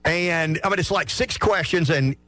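A man with a rural Southern accent, co-hosting a morning radio show and telling stories in an animated, chatty way. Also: on the high side, normal speed, faint music behind. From South Carolina. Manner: animated, chatty, acts out voices in his stories. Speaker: radio co-host. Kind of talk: casual radio storytelling.

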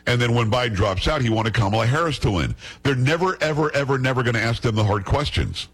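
Husky man giving sarcastic commentary. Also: medium pitch, animated, quick pace, a bit bright. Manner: sarcastic, indignant, rhetorical questions. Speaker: commentary host. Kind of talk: political commentary.

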